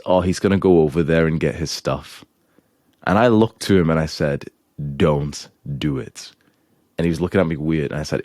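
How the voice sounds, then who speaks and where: A man's voice: very deep voice, a little mellow, no echo, clean studio sound. A young man giving blunt, crude, scolding relationship advice as a show host. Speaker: self-improvement advice host.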